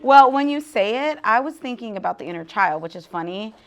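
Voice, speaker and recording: A woman in her thirties talking candidly to an audience at a book talk, animated, laughing often and dropping to hushed asides. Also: mid-range voice, a little fast. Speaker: guest author speaking at a book talk. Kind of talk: casual live talk to an audience.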